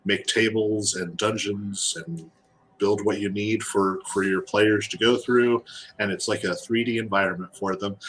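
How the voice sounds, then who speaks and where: A man, an artist and guest, chatting casually while he draws, halting and repeating words as he goes. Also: lowish voice, slight background noise. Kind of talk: casual chat while drawing.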